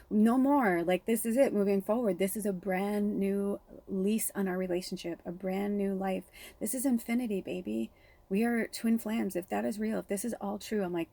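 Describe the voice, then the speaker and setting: A woman in her thirties, a spiritual reader, telling a personal story with shaky, tearful excitement and lots of "like.". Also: lowish voice, creaky. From Pacific Northwest.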